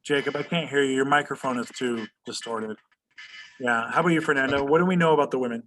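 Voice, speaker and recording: A man's voice: mid-range voice, fast talker, a bit bright, slight background noise. Male history teacher leading a video-call class; questioning, checks in with "right?" constantly. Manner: asks students questions, tags "right?" often. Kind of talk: online class lecture.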